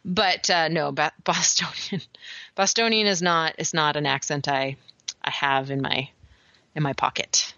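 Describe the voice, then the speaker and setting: Woman podcast co-host, lower pitch but bright sharp tone, dull lo-fi mic, explains the science stuff. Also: fairly even intonation, unhurried, dry recording. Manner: explanatory, science-minded, laughs often. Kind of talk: casual chat.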